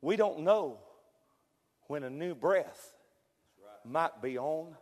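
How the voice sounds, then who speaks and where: A middle-aged man preaching a fervent revival sermon, swinging from loud peaks to hushed storytelling. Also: a little high, animated, slow pace. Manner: fervent, builds to shouted peaks then drops to hushed storytelling. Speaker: pastor. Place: church sanctuary. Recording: long hall reverb.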